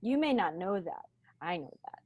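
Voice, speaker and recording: A woman guest in a podcast interview, speaking slowly and deliberately in a grounded, reflective teaching tone over a video call. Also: fairly low pitch, very animated, husky, phone-quality sound. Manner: slow, deliberate, grounded delivery.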